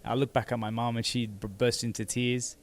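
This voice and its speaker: A man, seated as an interview guest, telling his own story in a halting way that repeats words as he goes. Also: medium pitch, little pitch movement. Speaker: interview guest, former boxing champion. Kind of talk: candid personal storytelling.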